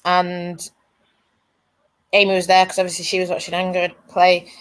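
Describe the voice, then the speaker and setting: A woman's voice: lowish voice, monotone, moderate pace, clear, resonant tone. A woman, a podcast guest, tells fan stories in casual chat and gets tearful as she talks. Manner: emotional, tearful storytelling. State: crying.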